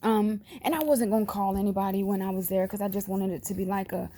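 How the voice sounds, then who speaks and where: A woman in mourning records a heartfelt message straight into her phone, fighting back tears. Her talk is halting and earnest, with thoughts that trail off before they finish. Her voice sits at an ordinary middle pitch. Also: steady tone, mellow. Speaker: grieving mother. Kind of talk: personal video message.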